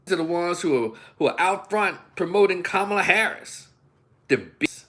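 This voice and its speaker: Middle-aged Southern man, opinion host, folksy and animated, voice leaps up and down. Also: sits high, moderate pace. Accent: Southern American. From Memphis, United States. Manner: animated, acts out voices and imitations; folksy, addresses listeners as y'all. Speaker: commentary channel host. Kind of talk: ranting opinion commentary.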